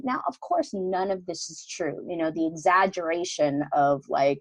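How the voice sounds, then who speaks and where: Speaking at a normal speed with few pauses, a middle-aged podcast guest with a voice on the low side shares a personal story in casual conversation. She is animated and performs the lines she quotes. The recording is rough, with no room sound.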